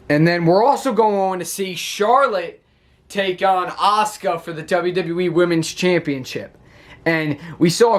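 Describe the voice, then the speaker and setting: A young man hosting a casual wrestling recap video, chatty and excitable, quick to laugh. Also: fairly high pitch. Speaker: wrestling show recap YouTuber.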